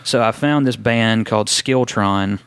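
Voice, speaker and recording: A man, a wrestler telling his story in a casual interview, relaxed and rambling with many ums and restarts. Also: lowish voice, a little slow, smooth, no echo. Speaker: wrestler guest.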